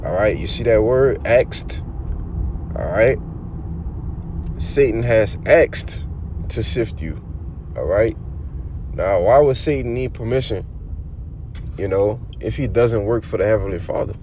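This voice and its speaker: A man's voice: fairly low pitch, expressive, a little slow, long pauses, darkish tone, a little hiss or hum. A man teaching a casual bible study, talking in a loose, conversational way full of "all right" and "you know," and reading verses aloud with emphasis. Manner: reads scripture aloud with emphasis.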